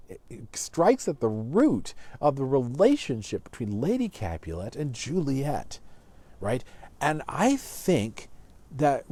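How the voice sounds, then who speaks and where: A man giving a casual lecture on a play, talking in an animated way with stumbling repeats and frequent "right?". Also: mid-range voice.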